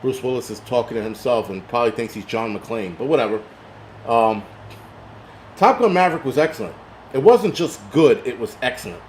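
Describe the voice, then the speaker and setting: Reading chat comments aloud and ranting with profanity, a slightly tipsy middle-aged man hosts a casual live stream after some liquor. His mid-range voice is animated and brisk, with a little hiss or hum behind it.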